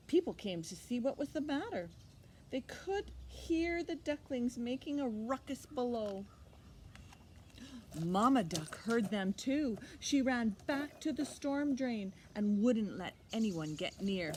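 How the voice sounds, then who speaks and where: A woman librarian reading a picture book aloud to children, expressive and animated, pausing for little asides to the listener. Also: on the high side, a little hiss or hum. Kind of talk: storytime read-aloud for children.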